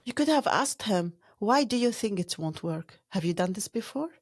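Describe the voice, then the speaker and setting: A woman co-hosting a casual chat show, speaking calmly and directly and asking pointed questions. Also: medium pitch, moderate pace, dry recording. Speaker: podcast co-host.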